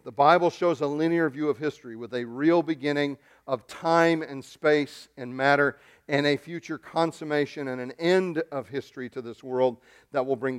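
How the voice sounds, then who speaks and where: This pastor's sermon is excitable and full of emphasis, with frequent repetition and shifts from loud stresses to hushed asides. His voice is a little high and smooth.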